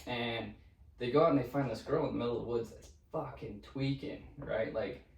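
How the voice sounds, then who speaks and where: A man co-hosting a podcast, telling eerie stories in a casual, profane, animated way. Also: medium pitch, normal speed, gravelly. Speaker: podcast co-host. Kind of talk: casual storytelling chat. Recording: roomy, distant mic.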